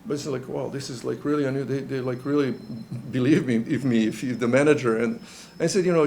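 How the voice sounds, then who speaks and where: Halting, gravelly man. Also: mid-range voice, steady tone, darkish tone, slight background noise. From Serbia. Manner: halting, many restarts, earnest. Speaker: interviewee. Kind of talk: personal testimony.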